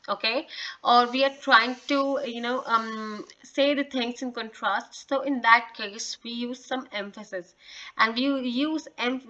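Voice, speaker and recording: A woman's voice: a little high, sharp tone, muffled recording. A woman hosting a casual video English lesson, speaking encouragingly with frequent hesitations and restarts. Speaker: English teacher and channel host.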